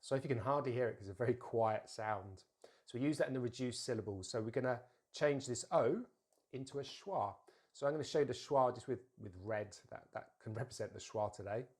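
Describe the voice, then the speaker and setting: Man teaching English pronunciation, slow and deliberate. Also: mid-range voice, a little mellow. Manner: slow, deliberate model words, repeated for practice. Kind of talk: pronunciation lesson.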